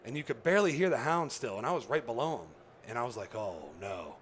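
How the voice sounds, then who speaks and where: A man's voice: mid-range voice, fast talker, a little hiss or hum. A man casually telling a long story as a podcast guest, rambling with lots of "you know" and "right?", and acting out what others said. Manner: animated, acts out quoted dialogue.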